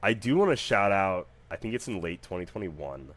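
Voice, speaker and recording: Low-voiced man hosting a podcast. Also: normal speed. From United States. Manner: animated, jokey, rambling with fillers. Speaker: podcast host. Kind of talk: casual solo podcast storytelling.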